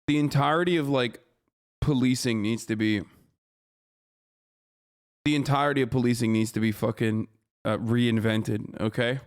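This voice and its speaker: A man's voice: mid-range voice, fairly even intonation, normal speed, long pauses. A man streaming a reaction to a news story, heated and profane, repeating himself and asking "okay?" often. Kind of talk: livestream reaction commentary.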